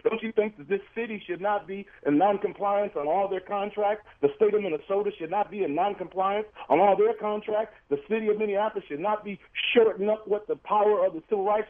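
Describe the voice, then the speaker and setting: A man's voice: high-pitched, a little fast, few pauses. A man, a civil rights activist calling in as a radio guest, arguing insistently and repeating his key points. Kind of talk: heated on-air debate. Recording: tinny phone line into a radio studio.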